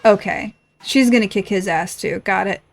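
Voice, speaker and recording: A woman streaming a game, reacting in excitable, foul-mouthed casual commentary. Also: medium pitch, moderate pace, creaky, soft background music. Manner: excitable, swearing, laughing reactions.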